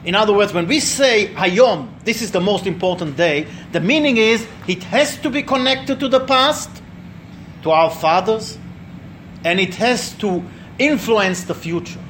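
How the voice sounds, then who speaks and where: A man's voice: high voice, animated, unhurried, a bit bright, slight background noise. A middle-aged man teaching a religious class in a conversational way, telling stories and asking the listeners questions. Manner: storytelling, asks the listeners questions, acts out voices. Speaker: rabbi or teacher leading a class.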